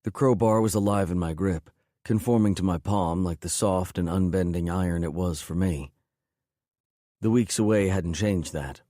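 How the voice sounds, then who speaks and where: A man's voice: deep voice, normal speed, dark tone, dry recording, studio quality. A man narrating an audiobook in first person, intense and brooding.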